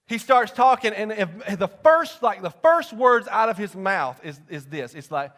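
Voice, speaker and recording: High-voiced man preaching. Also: expressive, a little slow. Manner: folksy storytelling, swings from loud to hushed. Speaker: pastor. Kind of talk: sermon testimony.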